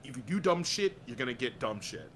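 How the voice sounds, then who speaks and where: A man's voice: mid-range voice, lively intonation, a little fast, fairly bright tone, a little hiss or hum. A man speaking as a podcast guest in casual chat, blunt and profane, talking straight over a VR headset mic.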